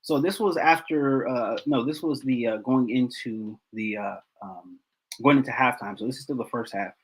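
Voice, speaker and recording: A man's voice: medium pitch, normal speed, slight background noise, rough recording. A man hosting a football film breakdown, talking casually and repeating himself in exasperation.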